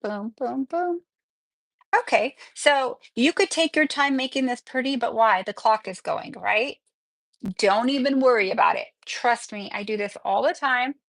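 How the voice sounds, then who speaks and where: A woman's voice: on the high side, normal speed, a bit bright, dry recording, rough recording. Chatty nail teacher woman, dry close sound. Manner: chatty, upbeat, talks while working. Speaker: nail instructor. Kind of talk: livestreamed nail tutorial.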